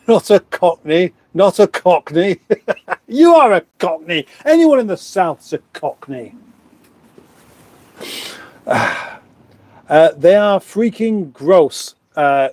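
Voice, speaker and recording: A man's voice: a little high, darkish tone, no echo. A man from England hosting a casual live stream from his kitchen on a phone, rambling and self-deprecating as he reads out viewers' comments. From England (born in Surrey). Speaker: livestream host. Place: home kitchen, indoors. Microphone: phone on a stand.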